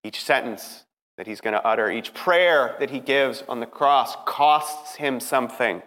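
A man's voice: mid-range voice, unhurried. Emphatic male preacher in a reverberant hall. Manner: emphatic, swings from hushed to rising. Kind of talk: dramatic sermon storytelling.

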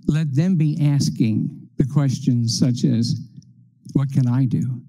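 A man preaching a sermon, working through numbered points in a slow, measured way. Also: medium pitch, mellow, low-quality recording.

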